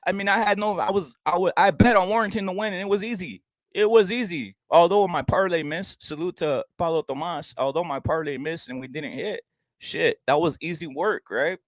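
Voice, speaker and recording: A man's voice: a little high, no echo, low-quality recording. A man ranting profanely as he reads boxing news aloud, breaking off to mock what he reads. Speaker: boxing commentary host. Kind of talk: ranting solo commentary.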